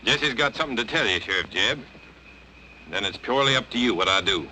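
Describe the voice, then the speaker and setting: A man's voice: fairly low pitch, animated, a little fast, bright, forceful tone, a little hiss or hum, poor audio. An actor playing a determined young Southern man in a 1940s film, pressing hard with an insistent manner. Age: young adult. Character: determined young swamp-country man, stubborn.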